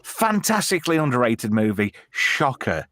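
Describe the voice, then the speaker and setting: A man's voice: mid-range voice, moderate pace, dry recording, studio quality. A man hosting a casual panel chat about films, telling stories with self-deprecating humor. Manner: animated storyteller, self-deprecating. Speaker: host.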